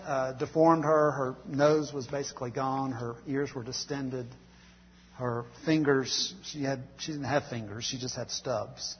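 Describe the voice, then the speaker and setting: A man preaching a sermon and telling a story, speaking softly and haltingly with fillers, growing quieter on tender lines. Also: medium pitch, slightly rough. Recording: dull hall sound with faint hum.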